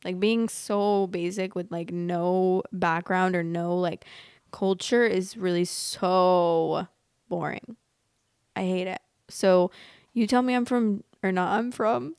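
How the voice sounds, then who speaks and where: A young woman with an American accent talks in a casual, chatty way and reacts to stories with big, exaggerated remarks. Her voice is smooth and clear, and it sounds close and dry with no room around it. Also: lowish voice, steady tone, takes it slowly, darkish tone, no room sound. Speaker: host reading online stories. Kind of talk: casual storytime commentary.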